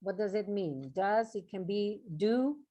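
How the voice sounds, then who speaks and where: A woman's voice: medium pitch, lively intonation, unhurried, dark tone. Woman teacher running an online lesson. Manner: encouraging, checks in with "okay?". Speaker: workshop presenter. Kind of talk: online English teaching session.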